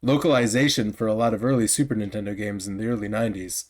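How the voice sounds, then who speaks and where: A man in casual podcast chat who talks in a wry, dry way and asks pointed questions to clear things up. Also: fairly low pitch, fairly even intonation, fast. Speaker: podcast co-host.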